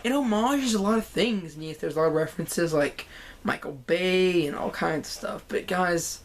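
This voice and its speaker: A woman's voice: lowish voice, moderate pace. Rambling, enthusiastic woman vlogger. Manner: enthusiastic, rambling, repeats "guys" and "freaking". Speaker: vlogger reviewing a TV show. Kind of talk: casual excited review vlog.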